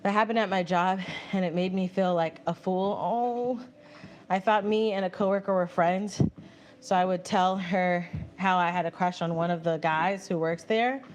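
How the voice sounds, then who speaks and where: Female live-streamer, chatty and expressive, walking while talking, slight background noise. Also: lowish voice, moderate pace. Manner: animated, laughing, reads viewer messages aloud and answers them. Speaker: livestream host reading chat. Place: home, indoors on a treadmill.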